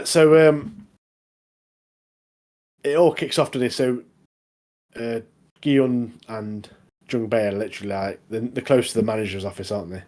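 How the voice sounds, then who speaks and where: A man's voice: on the low side, a little mellow. A man co-hosting a podcast, chatting casually and recapping a show with acted-out quotes. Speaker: podcast co-host. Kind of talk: casual chat.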